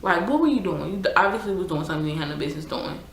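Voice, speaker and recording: Young woman, YouTuber, casual storytime, chatty, exasperated, lowish voice, echoey room. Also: expressive, racing, slight background noise. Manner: chatty, exasperated, filler-heavy.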